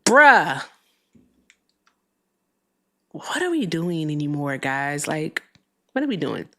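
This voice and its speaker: A woman hosting a live call-in show, talking bluntly and sarcastically and cutting callers off quickly. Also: deep voice, sing-song. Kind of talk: casual live-stream chat.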